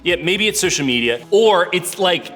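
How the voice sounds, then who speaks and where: A man's voice: sits high, lively intonation, normal speed, a bit bright, faint music behind. A young man giving a casual, playful talk to youth as a church speaker, chatty and full of fillers.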